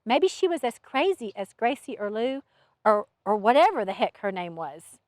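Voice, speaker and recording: A woman author narrates her novel with expressive, storytelling delivery. Her voice is fairly high and swings widely in pitch. The recording is close and dry. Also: normal speed, no room sound. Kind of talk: audiobook narration.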